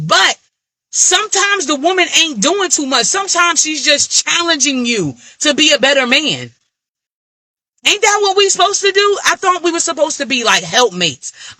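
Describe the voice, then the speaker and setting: Woman, African American Vernacular English accent, high voice, piercing bright tone, profane animated rant. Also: no room sound. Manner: blunt, profane, animated ranting. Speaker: vlogger. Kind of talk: candid venting monologue.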